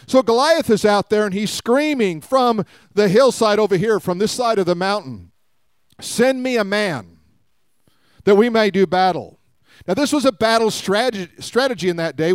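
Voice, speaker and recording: A man's voice: high-pitched, clean tone, no echo, studio quality. A man preaching a sermon, retelling a story with acted-out quotes and calls for the congregation to respond.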